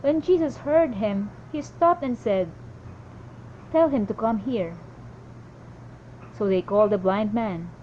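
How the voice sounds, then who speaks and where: A woman reading a daily Bible passage aloud in a steady devotional style, with small slips and restarts. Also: medium pitch, slow pace, long pauses, dull audio, slight background noise. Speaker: Bible reader.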